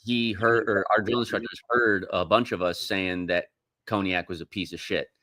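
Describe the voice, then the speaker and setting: A man's voice: on the low side, steady tone, moderate pace, sharp tone, dry recording. A man on a podcast, rambling through profane, restart-filled stories as a Marine veteran in casual chat.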